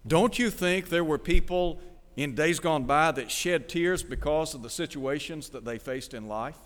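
Guy preaching a sermon, kinda high voice, big hall echo behind him, keeps asking the crowd questions. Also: a little slow, fairly bright tone. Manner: asks the listeners rhetorical questions.

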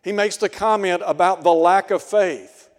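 A man's voice: sits high, moderate pace. A man preaching a sermon in an earnest way, asking his listeners rhetorical questions. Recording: long hall reverb.

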